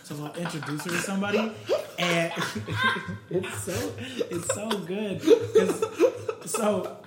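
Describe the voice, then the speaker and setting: Man, podcast co-host, casual chat, animated, laughing, somewhat high voice, echoey room. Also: takes it slowly, heavy background noise. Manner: animated, laughs often, acts out quotes loudly.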